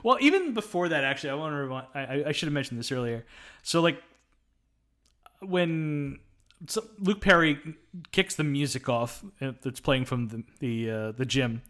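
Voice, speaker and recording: A man co-hosting a casual film review podcast, retelling scenes in an animated way and acting out the movie's lines. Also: medium pitch, moderate pace. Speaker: podcast co-host.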